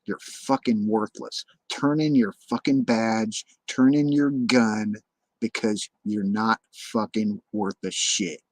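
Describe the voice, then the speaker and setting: A man rants to his livestream viewers in a slow, husky, somewhat low voice, swearing at nearly every turn. He stops short, repeats words and restarts as he lays out bitter accusations, and the sound is close and dry. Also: fairly even intonation, dry recording, poor audio. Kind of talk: ranting livestream monologue.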